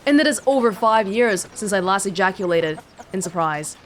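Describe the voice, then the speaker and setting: A woman reading aloud as a lofty, smug gentleman detective from a game book. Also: medium pitch, expressive, normal speed, a little hiss or hum, lightly acted.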